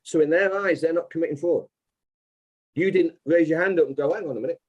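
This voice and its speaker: A man's voice: fairly high pitch, a little fast, muffled recording. A man speaking as an interview guest, explaining insistently and step by step.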